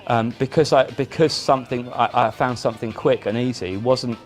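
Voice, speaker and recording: Man, interview guest, chatty storyteller, stumbling restarts, average pitch. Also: moderate pace, faint music behind. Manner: animated anecdotes with frequent restarts and laughter. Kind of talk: casual chat, storytelling. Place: indoor chat.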